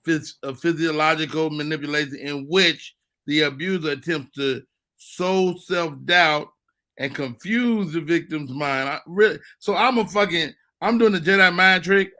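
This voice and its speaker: A bright, forward male voice running a live comedy show. He teases his co-hosts in casual banter. Every so often he bursts into loud, excited shouts. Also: fairly high pitch, moderate pace. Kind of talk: loose live comedy chat.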